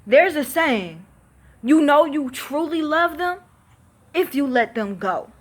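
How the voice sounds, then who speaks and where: Teen girl vlogger, unloading her grievances on camera, slow deliberate delivery, somewhat high voice, cursing emphatically. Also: animated. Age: teens. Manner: profane, emphatic, exasperated. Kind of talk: venting to camera.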